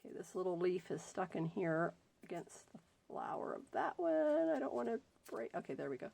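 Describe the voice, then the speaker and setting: In a dry recording, a crafting channel host with a lowish, sing-song voice, vocal fry, and a warm tone unboxes happy mail and chats casually. Each gift draws gushing praise, frequent exclamations, and slow, drawn-out delight.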